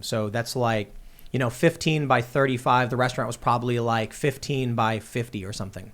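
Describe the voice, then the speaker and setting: A man co-hosting a political podcast in a studio, telling a story in a heated rant and acting out the back-and-forth. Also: medium pitch. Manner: animated, ranting storyteller who acts out exchanges. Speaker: co-host. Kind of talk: heated political panel talk.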